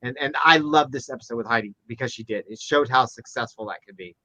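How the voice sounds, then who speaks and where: A podcast co-host speaks fast with no echo on a casual chat show. He's animated throughout, acting out quotes in high voices with frequent restarts.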